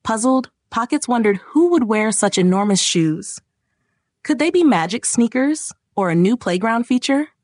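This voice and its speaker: A woman's voice: fairly high pitch, animated, moderate pace, a little mellow, no echo, clean studio sound. Woman reading a children's story.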